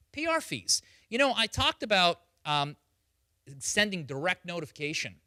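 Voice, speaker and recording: A man's voice: sits high, pushed and bright, no echo, studio quality. A man giving a security presentation in a conversational way, often turning to the audience with questions. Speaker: security speaker.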